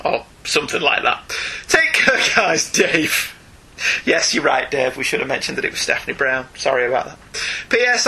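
A man's voice: on the high side, sharp tone, husky. A man co-hosting a casual podcast, reading listener emails aloud with frequent laughs and asides.

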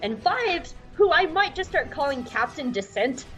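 A woman podcast host recapping an episode in a chatty, irreverent way. Her voice sits fairly high, and soft music plays faintly behind her. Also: big pitch swings, moderate pace, rough recording. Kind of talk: casual recap.

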